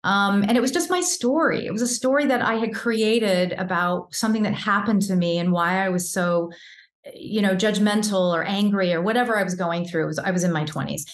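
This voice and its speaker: A woman in her fifties, a vocal coach, talks candidly and with animation about her own experience. Her voice sits at an average pitch for a woman. The recording has a noticeable roomy echo. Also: fairly quick. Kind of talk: casual interview talk.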